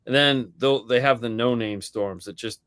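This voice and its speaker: A man co-hosting a podcast in casual chat, telling a story in a lively way and acting out the voices of the people in it, swearing now and then. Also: medium pitch, normal speed, clean tone, dry recording. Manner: animated storyteller acting out quoted dialogue. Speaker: podcast co-host.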